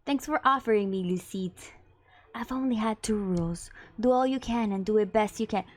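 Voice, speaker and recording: A woman reading an earnest older gentleman cook. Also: medium pitch, normal speed, no echo, close to an everyday voice. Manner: plain reading, no accent attempted. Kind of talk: reading dating-game dialogue aloud.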